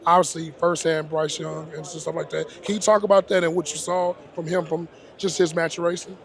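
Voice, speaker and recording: A man's voice: a little high, flat delivery, brisk, creaky. A young man from Texas hosting a casual sports interview, upbeat and jokey, saying "man" a lot. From Texas, Dallas area. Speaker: interviewer, host.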